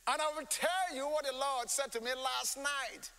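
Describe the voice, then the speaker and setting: A man's voice: very high voice, steady tone, normal speed, pushed and bright, in a large hall, pitched above the performer's own voice, full character voice. A man voicing a stern old male prophet who sharply rebukes a king. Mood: scolding.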